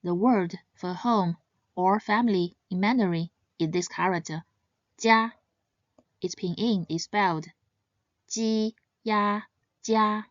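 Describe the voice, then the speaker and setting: A woman teaching pronunciation in a scripted lesson, speaking slowly and carefully and stressing each example sound. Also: lowish voice, no room sound, lo-fi sound. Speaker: language teacher.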